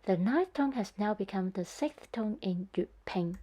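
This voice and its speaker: A woman delivers a scripted lesson at an unhurried pace. Her voice is mellow and a little breathy. She speaks carefully, sounding out each tone. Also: mid-range voice, animated. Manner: slow, careful, demonstrating tones. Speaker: Cantonese teacher.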